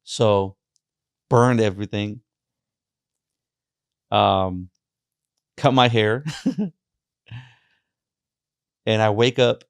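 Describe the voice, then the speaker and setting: Halting young man telling his testimony. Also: fairly low pitch, clean tone, dry recording, clean studio sound. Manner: halting, repeats words, many fillers. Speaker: podcast guest. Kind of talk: personal faith testimony.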